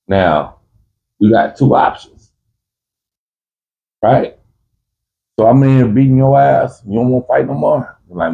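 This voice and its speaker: A man's voice: medium pitch, animated, measured pace, creaky, long pauses, warm tone, highs cut off. A man telling prison stories in casual talk, full of street slang and restarts, who acts out both sides of a fight in a raised voice. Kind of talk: casual storytelling.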